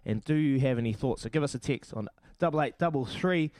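A man's voice: mid-range voice, brisk, a little mellow, dry recording. A man with a New Zealand accent co-hosting breakfast radio in casual, upbeat chat. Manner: chatty, upbeat, friendly. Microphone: studio mic.

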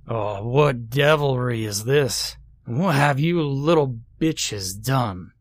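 A man's voice: medium pitch, animated, takes it slowly, dry recording. A man voicing a drunken, angry father with a slurred, menacing delivery. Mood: drunken menace. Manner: slurred, menacing, spitting insults.

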